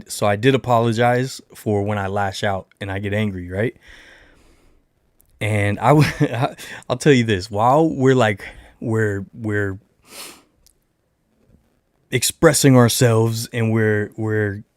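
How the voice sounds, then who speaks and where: A young adult man hosting a casual livestream, telling a long rambling story with lots of filler and animated retellings. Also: fairly low pitch, unhurried, pauses often, no room sound, studio quality. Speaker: livestream host.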